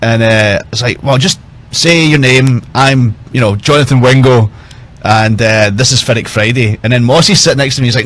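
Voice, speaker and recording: A man's voice: medium pitch, normal speed, a bit bright. A man, a whisky brand ambassador, telling chatty, self-mocking stories in casual talk. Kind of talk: casual storytelling.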